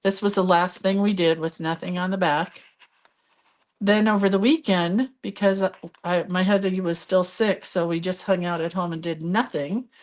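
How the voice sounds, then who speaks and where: A woman's voice: lowish voice, fairly even intonation, normal speed, darkish tone. A middle-aged woman hosting a live crafting video, chatting casually as she shows her pages and reads viewer comments aloud.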